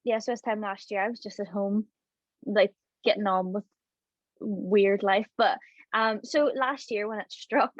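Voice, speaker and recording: A woman's voice: mid-range voice, steady tone, unhurried, dry recording. A chatty young woman, talking loosely and full of "like". The sound is dull and muffled. The room is dead dry. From Ireland. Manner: chatty, laughs often, lots of "like". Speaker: guest, drama student. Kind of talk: casual interview chat.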